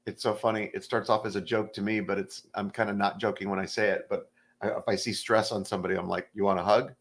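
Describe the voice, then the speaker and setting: A middle-aged stand-up comedian chatting casually on a podcast, a relaxed storyteller who acts out the voices in his anecdotes. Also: on the low side, fast talker.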